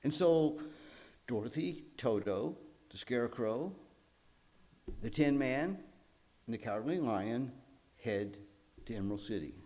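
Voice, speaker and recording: Sex: man. Role: pastor. Style: sermon. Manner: animated storytelling, mid-pitched voice that rises and drops. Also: unhurried, pauses often.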